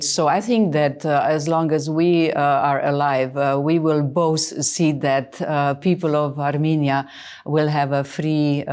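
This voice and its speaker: Interview guest, woman in her 60s, low mellow voice, emphatic, hesitant delivery. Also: clear, resonant tone. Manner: emphatic, hesitant with many fillers. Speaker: interviewed official. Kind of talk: earnest interview answers.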